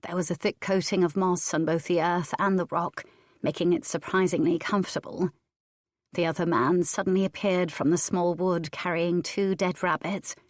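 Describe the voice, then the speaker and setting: A woman reading a historical romance audiobook in measured, even narration. Her voice sits on the low side, and the recording is dry and close. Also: dry recording. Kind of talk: scripted narration.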